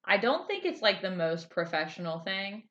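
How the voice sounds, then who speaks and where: A woman's voice: medium pitch, normal speed. A woman co-hosting a casual podcast, animatedly recapping a TV episode. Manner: animated storyteller, acts out quotes in a raised voice. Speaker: podcast co-host. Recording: slightly dull lo-fi sound.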